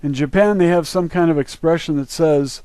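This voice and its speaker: Man, fairly high voice, dry close sound; preachy, emphatic solo monologue to viewers. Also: normal speed, mellow, smooth, no room sound. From northern United States. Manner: emphatic, preachy, urging listeners. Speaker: online video host. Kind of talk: opinionated spoken monologue.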